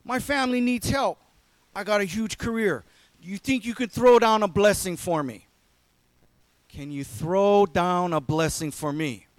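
A man putting on a Philadelphia accent as a rushed, eager young boxer, shouting and pleading in a street-tough drawl. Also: high voice, no echo, voice pushed up. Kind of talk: impression within a sermon.

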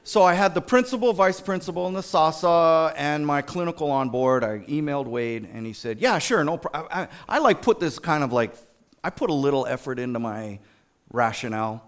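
A man telling a story to a church group, his pitch swinging widely as he talks. He speaks informally and animatedly, often restarting his sentences and filling pauses. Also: animated, smooth. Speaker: school district staff sharing a testimony at church.

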